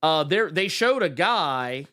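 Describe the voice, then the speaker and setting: A man co-hosting a podcast, chatting casually about comics with animated stammering restarts. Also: on the high side, slow pace. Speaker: podcast co-host. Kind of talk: casual comic book chat.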